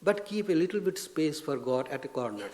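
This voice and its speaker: A man, a swami, giving an informal spiritual talk, gentle and anecdotal with frequent restarts. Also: a little high, sing-song, a little fast. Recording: long reverb of a lecture hall.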